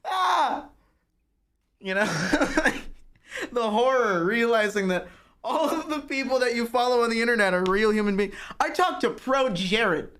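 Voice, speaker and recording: A man's voice: extremely high pitch, animated, moderate pace, fairly bright tone. A young man chatting casually on a live stream, ranting and mocking himself with plenty of profanity.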